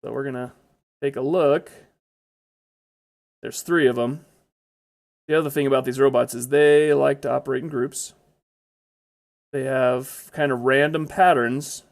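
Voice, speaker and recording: Gravelly guy chatting over his gameplay, blurts stuff out when something jumps him. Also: mid-range voice, steady tone, unhurried, long pauses. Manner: chatty, exclaims when startled. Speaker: gameplay commentator. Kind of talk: casual gameplay commentary.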